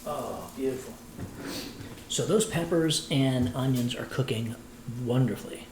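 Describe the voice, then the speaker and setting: A man's voice: mid-range voice, measured pace, roomy sound, noisy background. A man, a voice actor, chatting playfully with viewers while cooking on a livestream. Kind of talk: casual cooking livestream chat.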